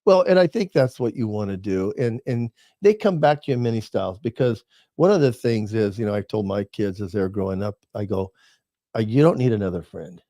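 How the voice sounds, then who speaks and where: Low, mellow-voiced older man storyteller. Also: expressive, brisk, no echo, studio quality. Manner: storytelling, folksy, repeats words. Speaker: podcast co-host. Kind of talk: casual chat.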